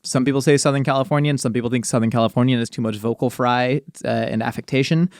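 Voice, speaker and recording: Guy co-hosting a podcast, smooth clear voice, rambly and chatty, dry close mic. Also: medium pitch, fairly even intonation, fast talker, darkish tone, no echo. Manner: rambling, explanatory, filler-heavy. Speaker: podcast co-host. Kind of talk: casual podcast chat.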